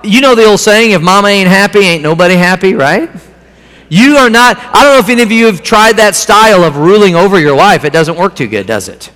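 A man's voice: sits high, expressive, fairly quick, fairly bright tone. A man preaching a sermon in a folksy, conversational way, repeating phrases as he teaches from a handout. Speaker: pastor. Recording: long hall reverb.

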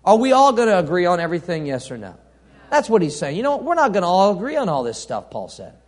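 A man preaching a sermon, reading scripture aloud and asking the congregation questions, swinging from soft to loud. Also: high voice, huge pitch swings, quick pace. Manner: reads scripture aloud, asks the congregation call-and-response questions.

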